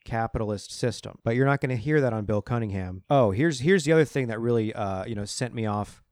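A man's voice: mid-range voice, a little fast, darkish tone, no echo, studio quality. Heated, profane male podcast ranter. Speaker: political commentary host. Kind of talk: ranting solo podcast commentary.

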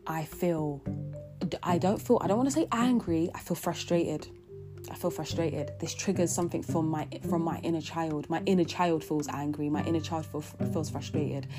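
A young woman talking through her feelings in an earnest, rambling way, full of restarts and fillers. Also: low-pitched. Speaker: vlogger. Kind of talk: reflective personal monologue. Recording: guitar music under the voice. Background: guitar music.

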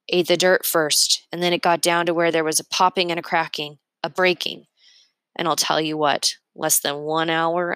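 A woman's voice: sits low, a bit bright, no room sound. A woman reading a novel aloud in first person, lifting her voice for the characters' lines. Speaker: reader.

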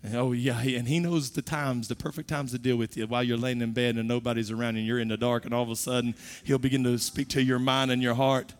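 A middle-aged man preaching a sermon, his voice swelling from soft to loud as he makes his point. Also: medium pitch, little pitch movement, fast, hardly any pauses. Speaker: pastor.

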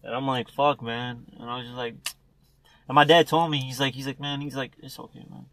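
Fast-talking young man, profane storyteller. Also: mid-range voice, level tone, a bit bright, dry recording. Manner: profane, rambling storytelling, laughs often. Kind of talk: casual chat.

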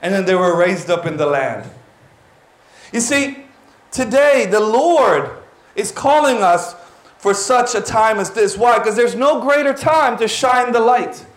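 A man, preaching a lively, exclaiming sermon to his church. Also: high voice, measured pace. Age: 40s. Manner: animated, exclaiming, drops in Tagalog words. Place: church hall. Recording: roomy church hall.

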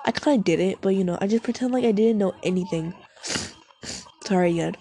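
A woman's voice: medium pitch, brisk, dark tone, slight background noise. A young woman rambling casually to herself, swearing a lot, making self-mocking asides, and short of breath.

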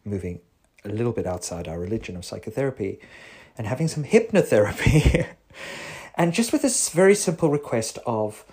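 A man, a psychotherapist, talking through a rambling, self-correcting monologue with sudden animated jumps in pitch. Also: brisk, husky. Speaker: psychotherapist podcast host. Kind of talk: reflective monologue.

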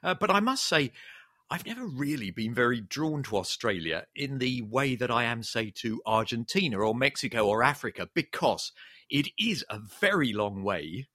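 Lively, bright-voiced man. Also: mid-range voice, moderate pace, no echo, clean studio sound. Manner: chatty and wry, with frequent fillers. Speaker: podcast co-host. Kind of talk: casual chat.

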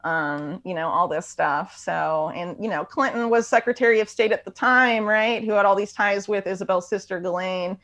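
Gravelly-voiced woman talking fast. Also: medium pitch, a bit bright. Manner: rapid, loose talk with many fillers and restarts. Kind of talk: casual conversation.

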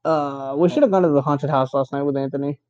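A man's voice: on the high side, steady tone, fast talker, a little mellow, clear, resonant tone, lo-fi sound. A young man co-hosting a casual podcast, rambling and joking and swearing freely. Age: young adult. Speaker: podcast co-host. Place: college dorm.

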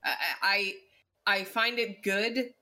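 Male podcast regular, bright tone, stumbling restarts, relaxed chat. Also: high voice. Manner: halting, repeats words while gathering thoughts. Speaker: podcast co-host. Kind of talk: casual chat.

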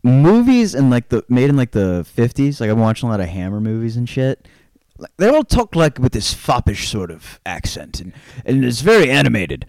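Lively-voiced young man, casual film podcast. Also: mid-range voice, moderate pace, no echo, studio quality. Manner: rambling, laid-back, swears often, many fillers. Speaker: podcast co-host.

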